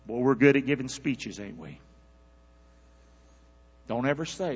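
A man's voice: mid-range voice, unhurried, husky. A male pastor preaching a sermon in a folksy, conversational way, calling out to his church for responses. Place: church sanctuary. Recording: dull audio in a reverberant hall.

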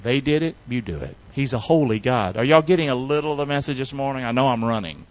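A man preaching a sermon in a folksy, call-and-response style, swinging between loud emphatic shouts and low hushed tones. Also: fast. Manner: folksy, colloquial delivery. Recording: dull, dry, lo-fi recording.

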